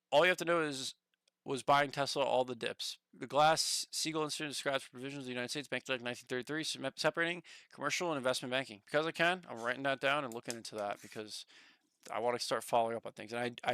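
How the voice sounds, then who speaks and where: Excitable man streaming, bright voice. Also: mid-range voice, clear, resonant tone, no room sound. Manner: excitable, swears, reads chat aloud. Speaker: stock market streamer. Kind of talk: casual livestream chat.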